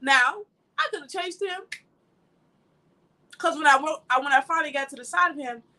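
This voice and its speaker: Woman minister, high bright voice, emphatic and chatty, mixes preaching with personal stories. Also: normal speed, rough recording. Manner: emphatic, conversational, laughs while telling stories. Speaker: ministry speaker. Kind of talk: informal sermon with personal anecdotes.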